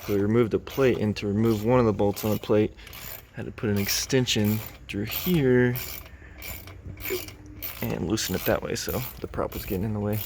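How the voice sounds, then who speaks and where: Gravelly-voiced man vlogging over loud wind. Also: on the low side, moderate pace. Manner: easygoing, chatty, excitable. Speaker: paramotor pilot vlogger. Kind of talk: casual vlog narration. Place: outdoors by a river and in flight. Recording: loud wind and engine noise outdoors.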